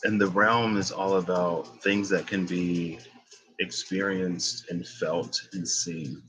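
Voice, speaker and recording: A man's voice: low voice, flat delivery, takes it slowly, fairly bright tone, a little hiss or hum, low-quality recording. A young man giving a casual tarot reading, rambling and thinking aloud as he corrects himself. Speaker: tarot reader.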